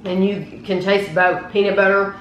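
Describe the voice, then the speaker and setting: A woman's voice: mid-range voice, level tone, moderate pace, echoey room, a little hiss or hum, poor audio. A woman hosting a casual snack taste test, chatty and enthusiastic as she reads out package details.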